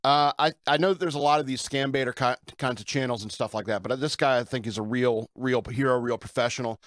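A man's voice: medium pitch, brisk, a bit bright, no room sound. A man hosting his own show, talking in an irreverent, rambling way with fillers and chuckles. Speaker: podcast host. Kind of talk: casual rambling monologue.

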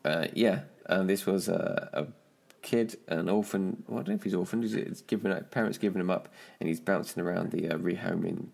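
A low-pitched man talks through films in a relaxed podcast chat. His voice is gravelly and husky. He rambles, loses words and laughs easily. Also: brisk. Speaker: podcast co-host. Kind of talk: casual film review chat.

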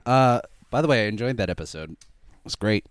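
Man, podcast co-host, lowish voice, bouncy intonation, animated, dry close sound. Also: brisk, no echo. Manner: animated storyteller, laughs often. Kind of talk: casual chat.

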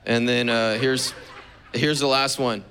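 A man preaching a Sunday sermon to his church, relaxed and joking with the congregation. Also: mid-range voice, a little slow, noisy background. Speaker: pastor. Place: church service.

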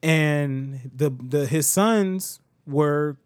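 A man's voice: fairly high pitch, extremely slow, no room sound. A man hosting a podcast, telling a story in casual chat and acting out the quotes. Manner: animated storytelling, acts out quotes. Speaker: podcast host.

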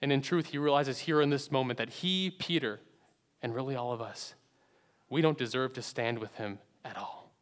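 A man preaching a sermon earnestly, swinging between loud emphatic phrases and hushed low endings. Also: normal speed. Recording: long hall reverb.

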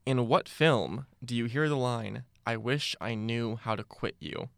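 A young man hosting a casual movie trivia game, reading questions slowly and deliberately. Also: medium pitch, vocal fry, fairly bright tone, smooth. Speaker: quiz host.

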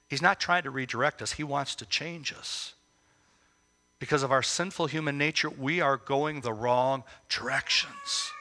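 A man giving devotional Bible teaching, emphatic, with rhetorical questions and slow, stressed phrases. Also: fairly high pitch, sharp tone. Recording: long reverb as in a hall.

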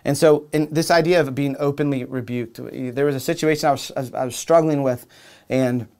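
A man's voice: medium pitch, steady tone, normal speed, darkish tone, clean tone. A young adult man preaching a sermon in an earnest, conversational way, often repeating and restarting his words. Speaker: pastor.

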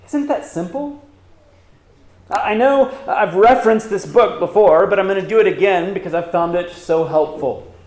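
A man's voice: high-pitched, normal speed, darkish tone, reverberant. A man pastor preaching a sermon, asking rhetorical questions and reading scripture aloud with emphasis.

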